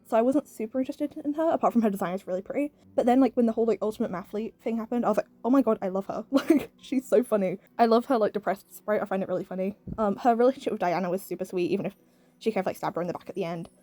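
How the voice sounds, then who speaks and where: Her voice is warm and medium-pitched, captured in a dry recording, as this British woman rambles through a casual video review full of "like," "um," and frequent little laughs.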